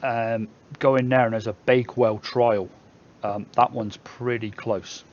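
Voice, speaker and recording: A man's voice: mid-range voice, steady tone, a little slow, lo-fi sound. A man with a Somerset English accent, hosting a casual live stream where he reads viewer comments aloud and jokes back at them. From England.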